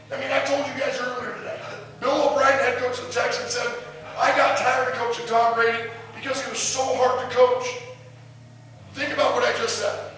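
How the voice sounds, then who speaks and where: Intense coach shouting in an echoey hall. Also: male voice, very high voice. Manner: intense, preaching, repeated challenging questions. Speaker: high school football coach. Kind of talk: motivational team speech. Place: large echoey room with the team. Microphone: far camera. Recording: echoey hall recorded from far off.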